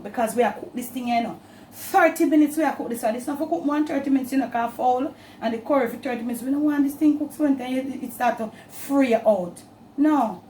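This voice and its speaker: A woman with a Jamaican accent hosts a homestyle cooking video from her kitchen. Her voice sits a little high, and she chats casually in patois-tinged English. A faint hum of noise runs under the recording. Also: a little mellow. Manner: chatty, mixes patois with standard English. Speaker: cooking channel host. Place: home kitchen.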